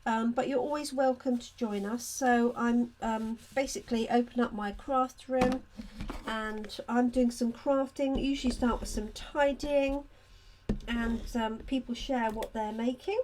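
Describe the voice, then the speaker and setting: A woman's voice: on the high side, fairly even intonation, a little slow, noisy background. A woman, hosting a live card-making demonstration, chatting with her viewers by name as she works. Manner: chatty, talks to viewers by name and answers their comments. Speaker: craft demonstrator.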